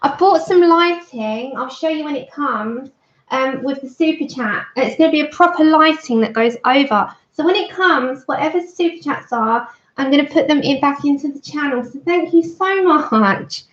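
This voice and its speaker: A woman's voice: high-pitched, expressive, moderate pace. A woman chatting casually to her livestream viewers while she colours, thanking them by name. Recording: dull lo-fi stream audio.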